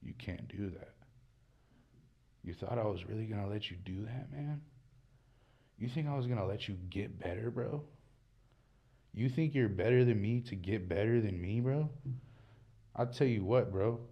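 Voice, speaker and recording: Rambling low-voiced man saying bro. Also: normal speed, vocal fry, long pauses. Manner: rambling, slangy, peppered with "bro" and "dude". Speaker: host. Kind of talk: casual comedic monologue. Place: small room indoors. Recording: dull muffled recording.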